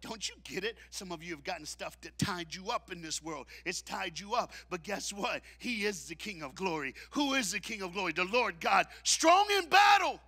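Man, preacher, high pitched, piercing bright tone, call-and-response sermon. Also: expressive, fairly quick, few pauses. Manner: dramatic, swings from shouting to hushed. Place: church auditorium.

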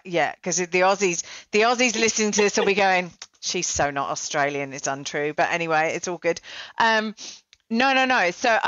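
A woman's voice: on the low side, fairly bright tone, no echo. Chatty woman host, lo-fi dry sound. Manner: chatty, self-deprecating, lots of fillers. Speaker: podcast host. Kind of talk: casual interview chat. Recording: dull, dry lo-fi recording.

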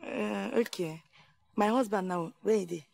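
A woman's voice: medium pitch, unhurried, creaky, darkish tone. An actress playing an easygoing wife and mother who talks with a Nigerian Pidgin accent.

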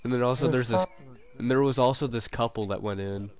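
A young man in a relaxed VR game chat, talking into a headset mic at an ordinary middle pitch. His throat sounds sore, and he laughs at himself often and swears without a second thought. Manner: laughing, self-mocking, quick to swear. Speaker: gamer.

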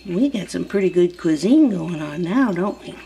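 A woman's voice: lowish voice, expressive, moderate pace, dark tone, a little hiss or hum. A woman talking in sing-song, doting baby talk to a puppy while she films it. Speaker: dog breeder filming a puppy.

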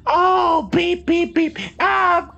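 A woman voicing a cheerful little droid robot that talks in high beeps and boops. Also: little pitch movement, very slow, gravelly, fairly bright tone, full character voice. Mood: chirpy beeping. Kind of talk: improvised comedy bit. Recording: dull lo-fi sound.

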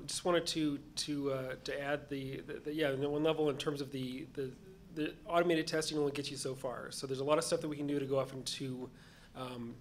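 A man speaking on a conference panel, halting and repeating words as he searches for phrasing. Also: medium pitch, slight background noise. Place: conference session room.

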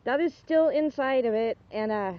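A young woman outdoors on a dog walk, filming with a handheld camera and talking off the cuff, grossed out and repeating her exclamations, sometimes shouting for her dog. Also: high voice, normal speed. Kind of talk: unscripted phone-camera commentary. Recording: dull lo-fi home video with faint background noise.

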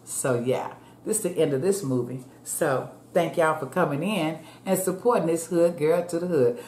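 A woman's voice: sits low, moderate pace, darkish tone, slight background noise. A woman food vlogger chatting casually to her viewers while eating, calling them y'all. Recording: echoey room with faint ambience.

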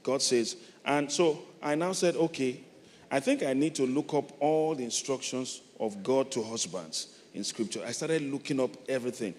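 A middle-aged Nigerian man preaching a sermon, moving from soft, reflective storytelling to loud, emphatic calls. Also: mid-range voice, normal speed. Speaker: pastor. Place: large church hall. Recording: long hall reverb, faint noise.

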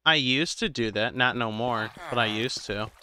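A man live-streaming a game, chatting casually with viewers in a slow, drowsy, rambling way because he is tired. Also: mid-range voice, sharp tone, slight background noise. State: tired, medicated.

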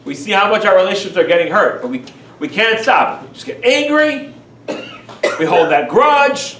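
Emphatic high-voiced rabbi lecturing. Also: male voice, normal speed, a little hiss or hum. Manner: animated, emphatic, rhetorical questions. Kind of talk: lecture on Jewish teachings. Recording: echoey room, far from mic.

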